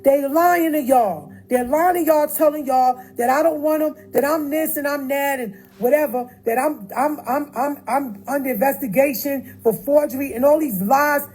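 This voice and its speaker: A woman's voice: high-pitched, moderate pace, hardly any pauses, darkish tone, low-quality recording. Emphatic woman on a phone livestream. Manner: emphatic, repeats phrases, addresses viewers directly. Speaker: livestream host. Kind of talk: casual livestream talk.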